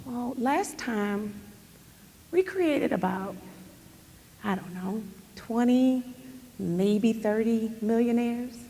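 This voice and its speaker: Woman telling a story slowly in a big hall. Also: a little high, breathy edge. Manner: animated, chatty storytelling. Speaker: motivational speaker at a company event. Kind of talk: storytelling speech. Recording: long hall reverb.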